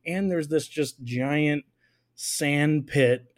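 A man with a slightly higher voice co-hosts a soccer chat podcast. He talks loosely and jokes his way through the news, laughing often as he goes. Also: very slow. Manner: jokey, rambling, laughs often. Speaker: podcast co-host. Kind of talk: casual chat.

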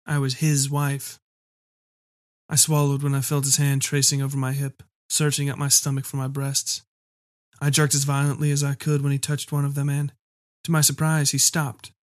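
A man narrating a first-person story in a measured, dark storytelling manner. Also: medium pitch, monotone, no room sound, studio quality. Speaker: audiobook reader.

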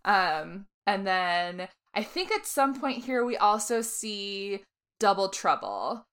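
A woman co-hosting a podcast in casual chat, talking with quick asides and frequent laughter. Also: medium pitch, very animated, fairly bright tone, clean tone. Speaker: podcast co-host.

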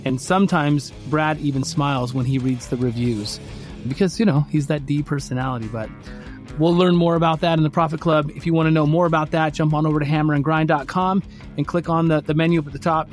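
A man co-hosting a podcast, telling a story in casual chat and acting out his own quotes with lively energy. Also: on the high side. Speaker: podcast co-host.

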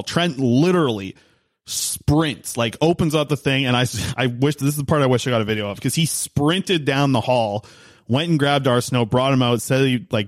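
A man's voice: medium pitch, no echo, studio quality. A man co-hosting a casual hockey podcast, telling stories with lots of restarts and fillers. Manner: rambling storyteller with many restarts. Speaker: podcast co-host, hockey reporter. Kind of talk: casual sports podcast chat.

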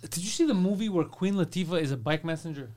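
Teasing high-voiced podcast host. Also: male voice, expressive, quick pace, darkish tone. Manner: joking, teasing. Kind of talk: casual chat.

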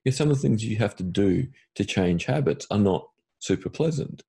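Deep, husky-voiced male interviewer. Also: animated, moderate pace, warm tone. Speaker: interviewer host. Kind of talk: casual interview chat.

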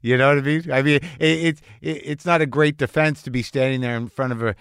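A man's voice: medium pitch, steady tone, brisk, fairly bright tone, smooth, no echo, clean studio sound. A man hosting a podcast, talking frankly and reflectively in a casual interview, swearing now and then. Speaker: podcast host.

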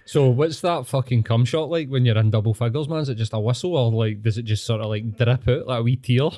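A Scottish man on a podcast, teasing his host with crude banter and quick laughs. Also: medium pitch, mellow, dry recording, clean studio sound. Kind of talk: casual chat.

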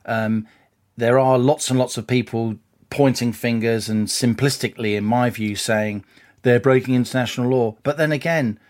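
A man co-hosting a political podcast, talking in a wry, brisk, explanatory way. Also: mid-range voice, steady tone, darkish tone. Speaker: co-host. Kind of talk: casual political podcast chat.

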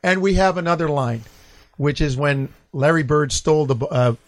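Animated middle-aged male broadcaster storyteller. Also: a little high, moderate pace. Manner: animated storyteller who acts out quotes. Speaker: longtime basketball broadcaster, guest. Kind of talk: casual storytelling chat.

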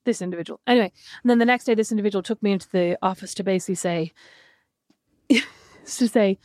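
A woman co-hosting a casual podcast, telling an animated story full of asides. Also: medium pitch, fast, long pauses, dry recording, clean studio sound. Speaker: podcast co-host. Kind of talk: casual chat.

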